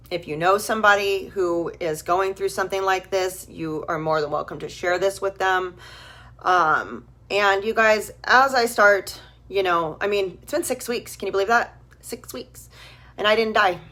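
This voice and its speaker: Woman in her 30s on a live stream, earnest and emotional, middle pitch, keeps repeating herself to drive it home. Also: fairly even intonation, measured pace, bright, forceful tone. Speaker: vlogger. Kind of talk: live-stream heartfelt talk to followers.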